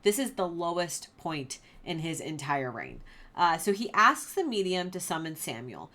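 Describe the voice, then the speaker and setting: A young woman teaches a casual Bible lesson, chatting with lots of fillers, reading scripture aloud and laughing at the story. Her voice is fairly low in pitch yet sing-song, pushed and bright, at a moderate pace.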